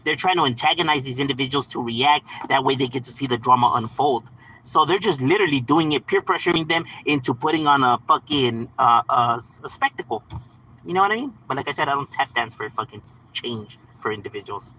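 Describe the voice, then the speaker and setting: Bright slangy man ranting on stream. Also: mid-range voice, fairly quick, slightly rough, rough recording. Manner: slangy, profane, laughs often, repeats "bro" and "homie". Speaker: live streamer. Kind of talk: casual livestream monologue answering chat.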